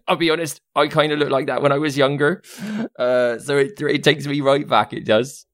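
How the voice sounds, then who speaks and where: A man's voice: mid-range voice, steady tone, moderate pace, dry recording, clean studio sound, close to an everyday voice. A man voicing a chatty, motherly housekeeper who scolds kindly and makes friendly talk. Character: motherly female housekeeper, warm but firm.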